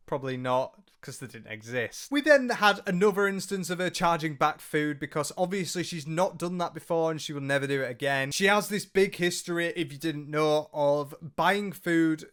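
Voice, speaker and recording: A man's voice: fairly high pitch, a bit bright. A British man hosting a commentary video, ranting sarcastically and swearing freely. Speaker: commentary channel host.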